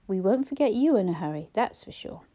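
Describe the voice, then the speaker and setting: A woman reading a sharp-tongued young woman. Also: mid-range voice, animated, lightly acted. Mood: teasing. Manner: quick, teasing banter. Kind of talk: audiobook character voice.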